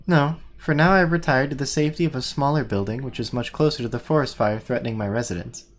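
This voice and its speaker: A reader voicing a dry, sardonic, analytical teenage girl in a deadpan, wordy manner. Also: medium pitch, quick pace, a little hiss or hum, lightly acted. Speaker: reader and organizer in a group readthrough. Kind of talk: live unscripted fan script reading.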